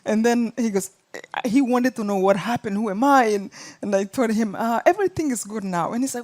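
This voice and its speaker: A woman's voice: medium pitch, normal speed, a little mellow. A middle-aged woman from Rwanda with a Rwandan accent, earnestly retelling her life story as a guest and acting out the quotes. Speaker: guest speaker. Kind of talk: storytelling in an interview.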